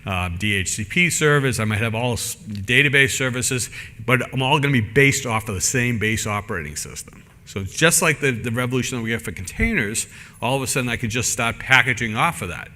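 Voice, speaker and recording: A man's voice: medium pitch, animated, fairly quick, pushed and bright, in a large hall. A man giving a technical conference talk in a casual, rambling way, full of fillers and restarts. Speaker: conference speaker. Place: conference room.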